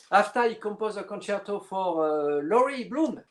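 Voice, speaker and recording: Halting man with a higher voice. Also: animated. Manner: halting, searching for words with many fillers. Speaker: clarinetist guest. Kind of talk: casual interview conversation.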